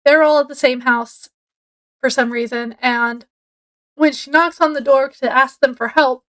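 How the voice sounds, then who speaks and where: A woman's voice: sits high, steady tone, measured pace, a bit bright, poor audio. A woman giving a casual, chatty book review, rambling a bit with fillers as she retells the plot.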